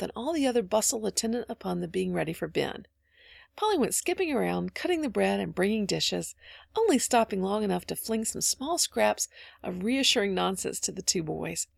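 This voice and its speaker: A woman reading a children's storybook aloud in an expressive, measured narration. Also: mid-range voice, gravelly, dry recording, clean studio sound. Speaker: audiobook reader.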